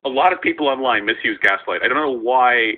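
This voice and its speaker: A man in a played-back stream clip, explaining a term in a lecturing, animated way. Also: mid-range voice, fairly quick, phone-quality sound.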